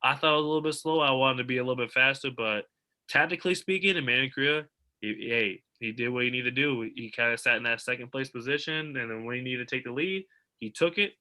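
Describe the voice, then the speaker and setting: A young man with a very bright, forward voice talks as a guest over a video call. He is animated and eager as he breaks down races, with the energy of a casual chat. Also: mid-range voice, fast. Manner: animated, eager sports talk. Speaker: guest athlete.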